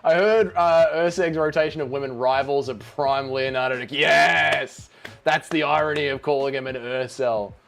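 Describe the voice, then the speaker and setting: A man's voice: mid-range voice, fairly even intonation, moderate pace, gravelly, fairly bright tone. Joking man hosting a stream. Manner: joking banter, reading out chat. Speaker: livestream host. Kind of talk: casual watch-along stream chat.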